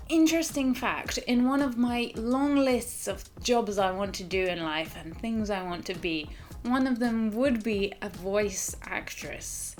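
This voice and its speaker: A woman with an English accent talking casually to camera in a vlog, a little mumbly. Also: medium pitch. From England. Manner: mumbles a little, soft and chatty. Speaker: vlogger.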